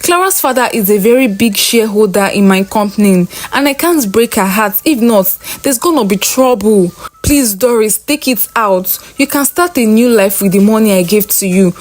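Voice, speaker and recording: A woman's voice: mid-range voice, expressive, moderate pace, hardly any pauses, lightly acted. A woman voicing a rich young male boss, cold and dismissive, in her own voice.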